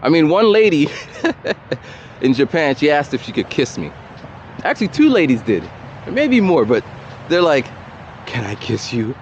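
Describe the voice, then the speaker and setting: A man's voice: fairly high pitch, moderate pace, long pauses, a little hiss or hum. A man telling a rambling personal story while walking outside, recorded on a camera mic without a separate mic. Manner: animated, rambling, repeats himself. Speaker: vlogger. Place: outdoors by a road with traffic. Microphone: camera or phone mic, no separate mic. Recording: dull lo-fi camera audio.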